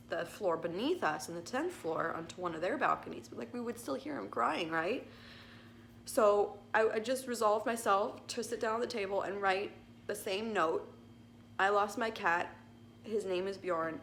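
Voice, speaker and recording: A woman's voice: mid-range voice, a bit bright, a little hiss or hum. A young woman casually telling a story to the camera, rambling and emotional with many restarts. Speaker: cat owner telling a story.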